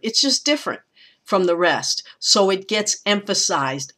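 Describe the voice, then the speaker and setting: A woman teacher giving a recorded lecture, talking in a thoughtful, unhurried way with frequent pauses and restarts. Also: fairly low pitch, lively intonation, fairly bright tone.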